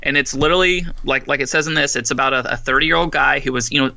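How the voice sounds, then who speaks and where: Young male co-host, very bright tone, dry mic, relaxed reading with asides. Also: mid-range voice, fast talker, gravelly, no room sound. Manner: relaxed, reads a plot summary aloud with asides. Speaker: podcast co-host. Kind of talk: casual movie chat.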